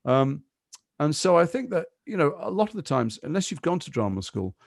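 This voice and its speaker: Fast-talking gravelly English man. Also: fairly high pitch, no room sound, studio quality. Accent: English, Liverpool and London mix. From England. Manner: fast, animated storytelling with asides. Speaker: guest actor. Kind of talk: podcast interview.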